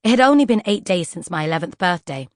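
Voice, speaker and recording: A woman narrating a children's fantasy audiobook in an expressive storytelling style. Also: fairly low pitch, fast, no room sound, studio quality. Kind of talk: scripted children's book narration.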